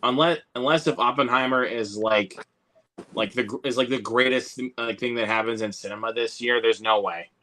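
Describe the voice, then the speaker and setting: A man chatting casually with a friend about films, relaxed and full of fillers. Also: medium pitch, moderate pace. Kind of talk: casual chat.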